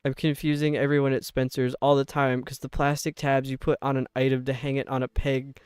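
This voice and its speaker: A man's voice: medium pitch, little pitch movement, a little mellow, smooth, no room sound, clean studio sound. A young man from upstate New York with a light New York accent, a game streamer chatting casually and rambling with viewers. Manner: rambling, chatty, quick laughs. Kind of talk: casual chat with viewers while gaming.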